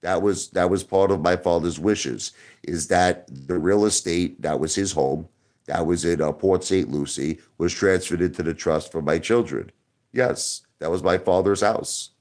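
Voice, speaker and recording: Deep-voiced man talking defensively to viewers. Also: measured pace, a little mellow. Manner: defensive, repeats words and restarts. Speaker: online show host. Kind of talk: casual livestream talk to viewers.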